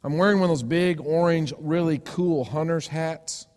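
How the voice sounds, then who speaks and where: A man preaching a sermon, telling a personal story with sudden loud cries and hushed, gentle asides. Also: fairly high pitch, moderate pace. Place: church sanctuary. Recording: long church reverb.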